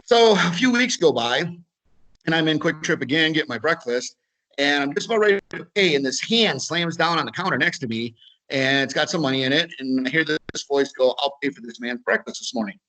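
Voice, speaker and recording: A man's voice: on the high side, animated, a little fast, sharp tone, low-quality recording. A man with an Upper Midwest American accent giving a webinar talk, telling a story in a casual way, repeating words and acting out both sides of a conversation. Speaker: webinar speaker. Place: video webinar.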